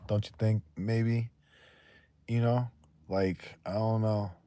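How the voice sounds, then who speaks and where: A man's voice: fairly low pitch, level tone, slow pace, mellow. A man hosting a livestream in loose, profane, rambling chat, laughing often and trailing off mid-thought. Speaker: livestream host.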